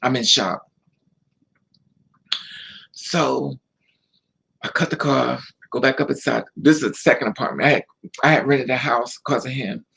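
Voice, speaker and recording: A man recounts a personal story in a loose, casual way. His voice is gravelly and a bit husky, and he repeats phrases as he goes. He plays out both sides of each conversation himself. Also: medium pitch, measured pace, long pauses, fairly bright tone, low-quality recording. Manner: repetitive, emotional retelling with quoted dialogue. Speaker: vlogger.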